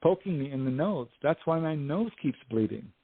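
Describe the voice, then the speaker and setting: A man's voice: on the high side, expressive, moderate pace, husky, no room sound, voice pushed up. A man voicing a frightened seven-year-old girl pleading with her father, heard over a tinny phone line. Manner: pleading, insistent.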